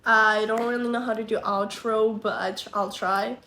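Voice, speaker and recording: Young woman vlogger, high voice, unhurried profane storytelling, echoey room. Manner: candid, profane, animated retelling. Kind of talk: casual storytime monologue.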